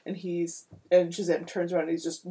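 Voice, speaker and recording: A woman's voice: on the low side, a little fast, slightly rough. A woman co-hosting a podcast, chatting casually and retelling comic stories with acted-out quotes. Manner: animated storyteller, acts out quotes. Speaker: podcast co-host. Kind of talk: casual chat.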